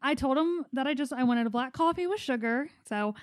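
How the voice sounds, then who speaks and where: A woman's voice: sits high, animated, fairly quick, no echo, clean studio sound. A woman co-hosting a casual gaming podcast, rambling and giggling through everyday stories. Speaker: podcast co-host. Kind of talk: casual chat.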